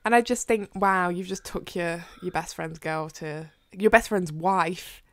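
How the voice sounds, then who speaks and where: A young woman co-hosting a podcast, chatting casually and excitably about a book, swearing freely and acting out her reactions. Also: lowish voice, measured pace, no echo, studio quality. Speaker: podcast co-host.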